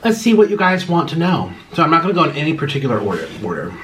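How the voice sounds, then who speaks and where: With his mouth on fire from spicy food, a young man chats through an eating vlog and Q&A, very animated and talking in rapid bursts. His pitch jumps around, he clears his throat between mouthfuls, and a light hiss runs beneath the audio.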